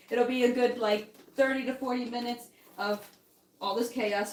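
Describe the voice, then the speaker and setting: A woman's voice: fairly even intonation, normal speed. A chatty woman talks her viewers through a puppy-care routine. She sounds set back from the mic in an echoey room, with faint noise and puppies underneath. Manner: chatty, talks to the puppies in a high soothing coo. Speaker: dog breeder hosting a livestream. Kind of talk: casual livestream chat. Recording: roomy, from a distance, faint noise.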